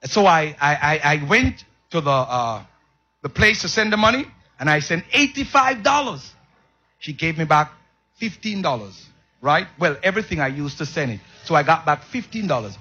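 A man preaching a sermon, calling out to the congregation and swinging between loud shouts and soft asides, often repeating words. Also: on the high side, big pitch swings, moderate pace, slightly rough, lo-fi sound. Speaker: pastor.

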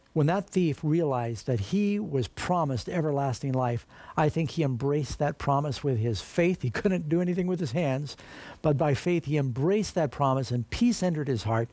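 A man's voice: on the high side, a little mellow, no echo. Earnest man preaching, dry close sound. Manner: earnest, emphatic, addresses listeners as friends. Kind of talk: sermon.

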